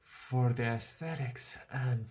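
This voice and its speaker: A man's voice: mid-range voice, slow, darkish tone. A man reviewing a show in a casual vlog, talking through a mask, rambling and swearing freely.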